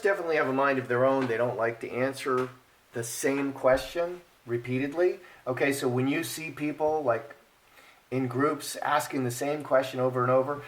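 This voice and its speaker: A man hosting his own channel, giving emphatic, opinionated commentary and then reading playing cards in a relaxed, musing way. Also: medium pitch. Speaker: card reader and channel host. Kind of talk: casual commentary and card reading.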